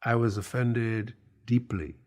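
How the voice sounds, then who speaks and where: A man telling a story from his own past in an interview, slow and deliberate, acting out the dialogue he remembers. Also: mid-range voice, steady tone. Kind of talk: personal storytelling in an archival interview.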